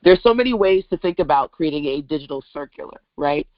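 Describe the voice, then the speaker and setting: A woman from Brooklyn hosting an online business workshop, coaching with animated, emphatic rhetorical questions over a video call mic. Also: low voice, brisk, no room sound, dull audio. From Brooklyn, New York.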